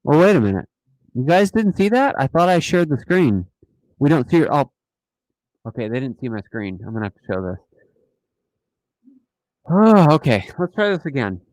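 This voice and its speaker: A man hosting a casual live stream, talking in an animated, mocking way and often repeating himself. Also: a little high, normal speed, long pauses, dry recording, rough recording. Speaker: host of a dashcam channel live stream.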